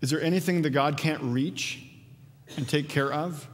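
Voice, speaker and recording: A pastor preaching a conversational sermon, animated when acting out quotes. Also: male voice, a little high, moderate pace. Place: church sanctuary. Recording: long church reverb.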